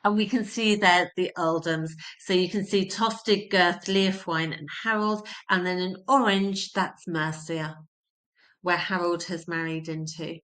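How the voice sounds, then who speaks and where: A woman's voice: lowish voice, fairly even intonation, a little slow, fairly bright tone. A woman teaching a history lesson, explaining terms simply and repeating key points for emphasis.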